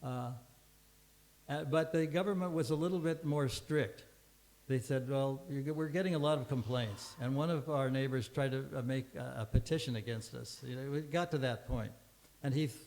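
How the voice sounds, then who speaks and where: A man's voice: medium pitch, a little mellow, poor audio. An older man giving a scripture class, telling a long story in a rambling way with many restarts and fillers.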